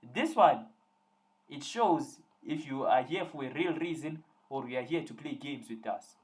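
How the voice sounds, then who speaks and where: A man's voice: medium pitch, animated, unhurried. A young man tutoring students on a live online call, teasing and joking with them as he works through examples.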